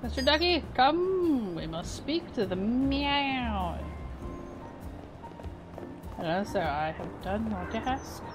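Playful woman streamer, high and unhurried. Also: big pitch swings, over music. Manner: playful, chatty, talking to herself and a toy. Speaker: game streamer. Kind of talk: casual game-stream commentary.

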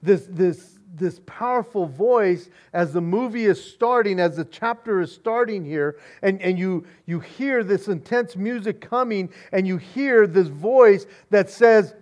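Man, pastor, sermon, high voice, excited, repeats himself. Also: a little slow, hardly any pauses. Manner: excited, repeats words, says "man" a lot. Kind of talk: expository sermon.

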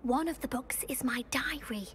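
A woman's voice: high-pitched, moderate pace, fairly bright tone, slight background noise. An actress voicing a young female student in a video game, polite and confiding about her lost diary. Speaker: game character.

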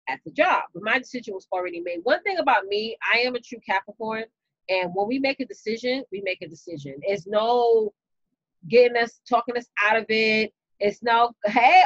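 A woman with a New York accent tells a story on her live stream, chatty and animated, talking straight to her viewers. Her voice sits a little high. The sound is dry and a bit dull, with no room around it. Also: no echo. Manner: animated, chatty, talks straight to viewers with y'all and you know. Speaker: business coach and live-stream host.

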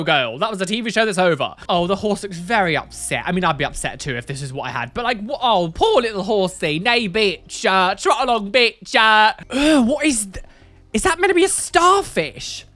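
A woman's voice: on the high side, a bit bright. A woman doing casual reaction commentary as a YouTuber, exclaiming and laughing with slangy asides. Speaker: YouTuber reacting to tattoo photos.

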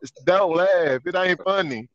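A man telling a story in casual chat, animated and repeating his phrases, laughing as he goes. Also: sits high, measured pace, a little hiss or hum. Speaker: guest. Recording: dull lo-fi sound, dry.

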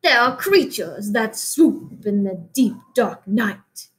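A woman voicing a stern male vampire from a children's book, speaking slowly. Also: mid-range voice, lively intonation.

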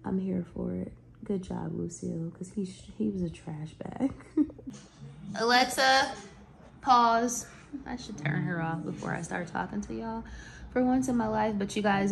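Sassy woman vlogging, gravelly voice. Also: mid-range voice, measured pace. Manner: sassy, playful, salty slang, frequent laughs. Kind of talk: casual chatty vlog. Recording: noisy home recording.

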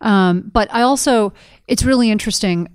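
A woman's voice: medium pitch, moderate pace, clear, resonant tone, no echo. A middle-aged woman co-hosting a podcast in casual conversation, telling stories with animation and acting out quoted dialogue. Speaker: podcast co-host.

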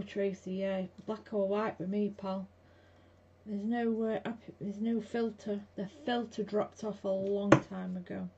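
A woman's voice: mid-range voice, warm tone. A chatty, blunt woman hosting a craft live stream from her home craft room, talking to viewers as she works. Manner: chatty, blunt, chats with viewers while working. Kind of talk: casual craft demo chat with viewers. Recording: dull lo-fi with faint background hiss.

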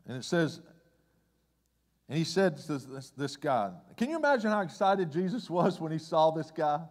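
Pastor, male, high voice, animated conversational sermon, long hall reverb. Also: normal speed. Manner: conversational preaching, swinging from loud excitement to hushed low tones.

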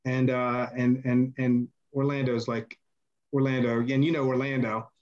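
A man telling backstage stories as a podcast guest, rambling and animated, loudly acting out the voices of the people he quotes. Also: mid-range voice, moderate pace, muffled recording. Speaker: podcast guest, former wrestler. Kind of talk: casual storytelling interview.

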